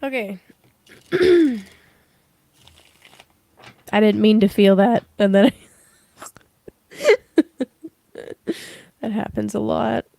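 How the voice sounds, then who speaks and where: A woman's voice: mid-range voice, expressive, drawn-out words, creaky, pauses often, mellow, dry recording. A young woman giving a casual livestream tarot reading, rambling with many fillers. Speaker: tarot reader.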